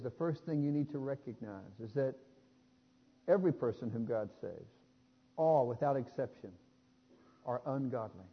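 A man preaching a sermon, building to louder emphatic points and adding small jokes. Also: medium pitch, husky. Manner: emphatic, rising loud on key points, with jokes. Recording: dull sound with long hall reverb.

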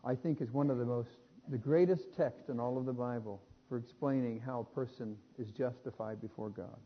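A man preaching a sermon, building to louder emphatic points and adding small jokes. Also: medium pitch, normal speed, husky. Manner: emphatic, rising loud on key points, with jokes. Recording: dull sound with long hall reverb.

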